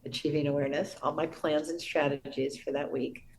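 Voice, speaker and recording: A middle-aged woman, a podcast guest, telling a personal story in an earnest, reverent way with soft restarts. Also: low-pitched, steady tone, fairly quick, slight background noise, low-quality recording.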